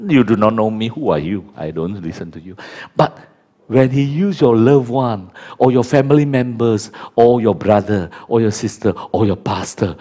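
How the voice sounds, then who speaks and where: A pastor in his fifties whose first language is Chinese, preaching a sermon in simple English and swinging between loud exclamations and low, quiet repetitions. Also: normal speed.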